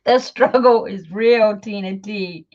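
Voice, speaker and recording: Woman crafting host, unhurried, rambly, muffled lo-fi sound. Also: mid-range voice, a little mellow. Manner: chatty, self-deprecating, many fillers. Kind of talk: casual livestream chat while crafting.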